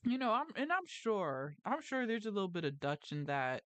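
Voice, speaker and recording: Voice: medium pitch, big pitch swings, moderate pace, a bit bright, dry recording. A livestream host around thirty who talks casually in a round, mouthful, slightly mumbled way, wandering off on tangents and correcting themselves. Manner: tangent-prone, self-correcting, frequent "like" and "you know". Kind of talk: casual rambling chat. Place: lives in New Jersey.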